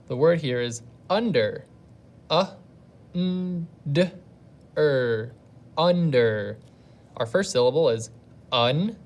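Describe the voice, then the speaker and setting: A woman's voice: very deep voice, a little mellow. A woman teacher giving a recorded reading lesson to young pupils at home. She talks patiently and thinks aloud step by step. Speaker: elementary school teacher.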